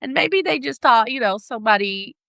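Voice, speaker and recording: A woman's voice: fairly high pitch, expressive, fairly quick, vocal fry, bright, forceful tone, no echo. A middle-aged woman speaking English with a non-native accent, chatting as a podcast guest and laughing often as she searches for words. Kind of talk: casual interview chat.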